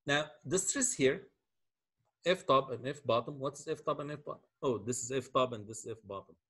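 Husky-voiced man lecturing on beams. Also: mid-range voice, fast, a bit bright. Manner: explains step by step, asks the class questions. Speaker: engineering lecturer. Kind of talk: classroom lecture.

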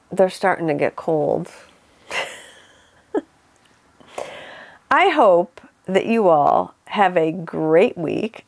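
A middle-aged woman with an upstate New York accent hosts a relaxed, chatty knitting show from home. Her fairly low voice has a gravelly edge, and she talks slowly and unhurriedly. She laughs often and drifts into asides, recorded close and dry with no room sound. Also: no room sound. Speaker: knitting podcast host. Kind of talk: casual show-and-tell chat.

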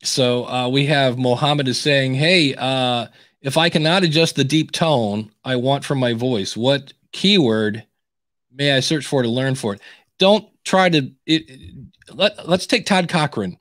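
A man's voice: mid-range voice, unhurried, no echo. Chatty guy hosting a podcast advice show, keeps restarting sentences, dead dry sound. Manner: animated, chatty, many restarts. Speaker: podcast coach and host. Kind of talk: casual podcast advice chat.

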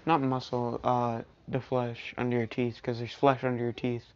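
A woman's voice: very deep voice, level tone, moderate pace, lo-fi sound. A woman telling a fan story in a casual, rambling way at home, full of "you know" and "anyway". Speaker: storyteller vlogger. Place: at home with family around.

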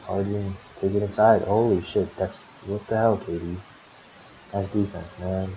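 This man sits low in pitch and barely moves it, keeping a measured pace and a dark tone. He's a team manager casually calling a simulated basketball game for his own side in a sim league, swearing often and complaining about his players. Slight background noise runs under the dull, lo-fi audio.

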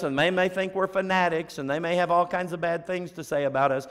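A man preaching a sermon as pastor, firing off rhetorical questions and dropping to a hushed near-whisper for emphasis. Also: high-pitched, steady tone, a little fast, smooth. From United States.

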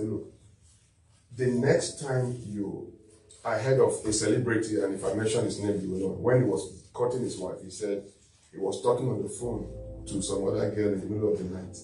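A bishop speaking as a talk-show guest, teaching on marriage in a loud, preacherly way. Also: male voice, lowish voice, moderate pace, a little hiss or hum. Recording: echoey room, distant mic, faint music.

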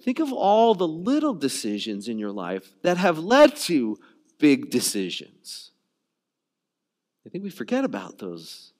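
A man's voice: on the high side, wildly swooping pitch, unhurried, a little mellow. A man preaching a sermon as a pastor, in a loose conversational way, often repeating words and saying "you know" and "like.". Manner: conversational, repeats words while searching for phrasing.

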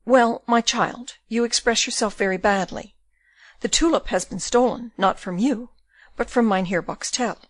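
A woman's voice: on the high side, moderate pace, no room sound, natural voice. A woman reading an audiobook, voicing a pompous, genteel middle-aged male burgomaster who talks down to people. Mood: condescending. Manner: pompous, condescending.

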